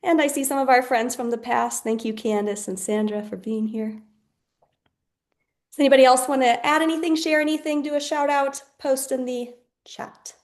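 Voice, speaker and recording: A woman's voice: high voice, normal speed. A woman moderating an online poetry gathering, thanking people in a chatty way with frequent fillers, on a video call. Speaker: host and moderator. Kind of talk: casual online wrap-up.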